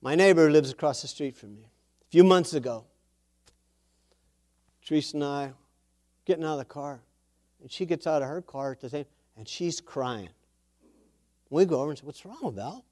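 A man preaching a sermon and telling a testimony, animated, with quoted dialogue and emphatic exclamations. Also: fairly high pitch, moderate pace, pauses often.

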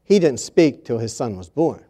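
A man preaching a sermon in a church, reading scripture and repeating key phrases with emphasis, moving between hushed and loud passages. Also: medium pitch, big pitch swings, moderate pace.

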